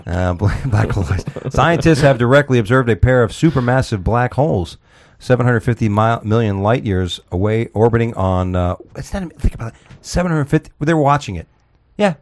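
A man's voice: mid-range voice, a little mellow. A man hosting a comedy talk radio show, rambling loosely, swearing and laughing at his own jokes. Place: Florida.

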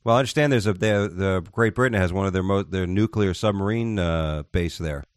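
Man, low voice, dry close studio sound, casual rambling co-host. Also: brisk, no room sound. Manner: rambling, jokey, puts on silly voices. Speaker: podcast co-host. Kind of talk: casual chat.

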